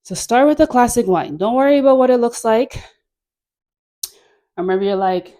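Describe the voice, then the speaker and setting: Speaking unhurriedly with long pauses, a woman with a fairly high, warm voice guides a dance class as its instructor. She chats and encourages freely, laughing a lot and saying "like" constantly.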